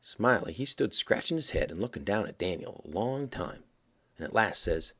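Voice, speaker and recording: Husky guy telling an old folksy tale, voice goes up and down a lot. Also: fairly low pitch, moderate pace. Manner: folksy yarn-spinning, animated. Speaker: audiobook reader. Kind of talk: folksy storytelling narration.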